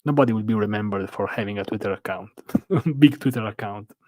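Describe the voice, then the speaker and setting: A man's voice: lowish voice, brisk, a little mellow, no room sound. A man with an Italian accent, casually chatting on a live stream from a hotel room, rambling through viewer questions with lots of "uh"s. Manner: rambling, answers chat questions with filler "uh"s.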